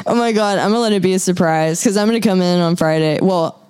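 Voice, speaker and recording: A woman's voice: lowish voice, fast, darkish tone, clean tone. A young woman hosting a podcast, chatting casually and easily with many fillers and laughs. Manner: laid-back, lots of fillers and laughs. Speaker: podcast host. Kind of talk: casual chat.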